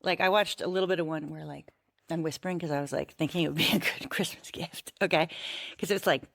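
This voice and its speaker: Deep-ish lady podcaster rambling, lots of like and okay, dry close mic. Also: fairly even intonation, rapid-fire, gravelly, no room sound. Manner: rambling, musing, full of "like" and "okay?". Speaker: podcast co-host. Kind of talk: casual chat.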